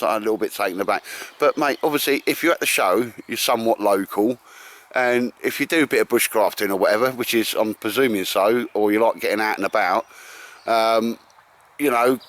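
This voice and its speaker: A bushcraft vlogger with an Essex accent chats casually to camera out in the woodland, rambling along in a matey way and calling everyone mate. His voice sits at a medium pitch with a slightly bright edge.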